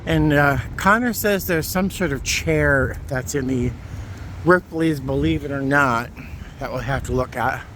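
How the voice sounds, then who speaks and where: A man's voice: mid-range voice, measured pace, a bit bright. A man vlogging outdoors in a windy churchyard, chatty and exclaiming, cold and tired. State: shivering cold. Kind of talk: casual vlog narration.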